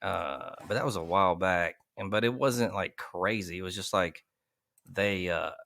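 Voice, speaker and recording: A man's voice: low voice, moderate pace, creaky, sharp tone, no echo, clean studio sound. A man hosting a podcast, rambling and swearing in crude casual chat. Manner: profane, rambling, laughs a lot. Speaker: podcast host.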